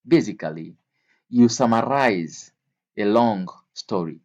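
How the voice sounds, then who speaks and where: Man teaching slowly, repeating himself. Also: mid-range voice, expressive, a little mellow, lo-fi sound. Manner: slow, repeats words and examples. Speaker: English teacher. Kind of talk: explaining vocabulary to learners.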